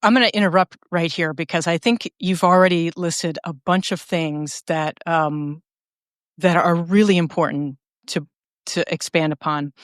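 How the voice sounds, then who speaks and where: A woman, a doctor hosting a podcast, who interviews her guest in a measured way and breaks in to steer the conversation. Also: fairly low pitch, fairly even intonation, dry recording, clean studio sound.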